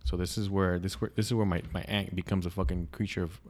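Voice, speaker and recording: Low-voiced man telling a rambling story. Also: fairly even intonation, quick pace, a little mellow. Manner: profane, rambling, with frequent restarts. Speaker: podcast guest. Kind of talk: casual storytelling in a podcast interview.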